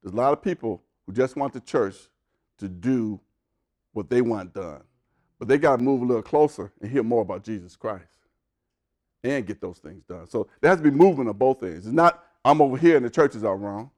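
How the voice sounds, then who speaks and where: A man's voice: mid-range voice, animated, brisk, darkish tone. A man preaching a sermon with emphasis, his voice climbing as he builds a point. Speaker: pastor.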